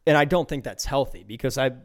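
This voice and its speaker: A man's voice: mid-range voice, fast talker. A young man from Pittsburgh hosting a casual solo podcast, rambling and swearing with lots of laughs and repeated words. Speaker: podcast host.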